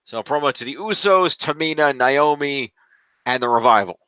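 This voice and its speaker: Tallying fantasy league points aloud as he rambles, this podcast co-host trails off while checking things during casual chat. He's a man with a mid-range, animated voice that is smooth yet pushed and bright, at a moderate pace. The audio is dull, with no echo.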